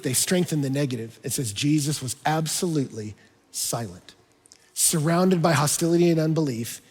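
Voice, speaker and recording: A male pastor preaching an expository sermon, moving between hushed low passages and emphatic raised ones. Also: slightly rough. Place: large church auditorium. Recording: church hall reverb.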